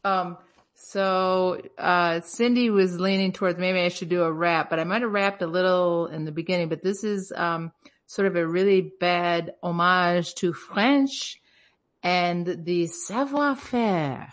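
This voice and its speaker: A woman co-hosting a casual chat, swearing freely and laughing as she tells quick stories. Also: fairly low pitch. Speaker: podcast co-host.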